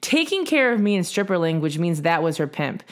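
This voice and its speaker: A woman's voice: fairly low pitch, fairly quick. Brash young woman telling a story. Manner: brash, profane, lively retelling. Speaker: podcast host. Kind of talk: casual storytelling chat.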